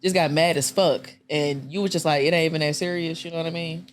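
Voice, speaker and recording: A woman hosting a podcast, telling stories in casual chat with profanity and acted-out quotes. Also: quick pace. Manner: animated, profane, acts out quotes in a jumping pitch. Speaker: podcast host.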